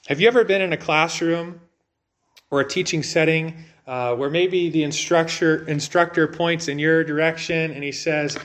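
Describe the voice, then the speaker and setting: A man's voice: a little high, fairly even intonation, brisk. A man preaching a sermon in a conversational way, asking rhetorical questions and using light humor. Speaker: pastor.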